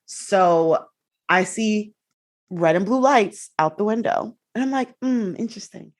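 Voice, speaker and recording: A young adult woman telling a personal story in a casual, animated way, acting out the quotes. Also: mid-range voice, unhurried. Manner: animated, acts out quotes with laughs and swearing. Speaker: guest.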